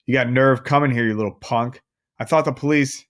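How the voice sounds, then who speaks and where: Man doing a loud sneering bully stepdad. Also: mid-range voice, steady tone, brisk, close to an everyday voice. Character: boorish bullying middle-aged stepfather.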